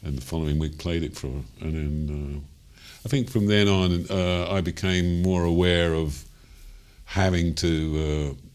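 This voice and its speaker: An older man with a Cockney accent and an extremely deep, low voice. He meanders through his memories with ums, you-knows and small chuckles, in the easy way of a seasoned jazz singer being interviewed. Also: fairly even intonation, measured pace, darkish tone, clear, resonant tone. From London, England. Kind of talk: interview storytelling.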